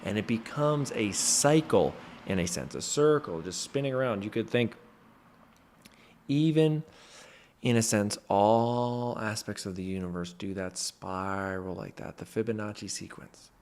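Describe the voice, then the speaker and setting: Young guy mentoring viewers, low-ish voice, pumped-up motivational talk, keeps saying freaking. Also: measured pace, a little mellow, slight background noise. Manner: emphatic, repeats "freaking" for stress.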